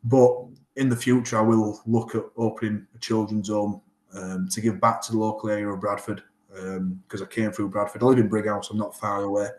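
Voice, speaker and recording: A man's voice: on the low side, brisk. A man, a rugby player chatting as an interview guest and acting out conversations as he tells stories. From Northern England. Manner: animated storyteller, acts out quoted exchanges. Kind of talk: casual interview chat. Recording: echoey room.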